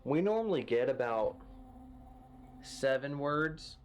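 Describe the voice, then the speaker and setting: A man narrating a ghost-hunting investigation in a hushed, uneasy way. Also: medium pitch, expressive, slow pace, a loud crowd. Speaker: paranormal investigator.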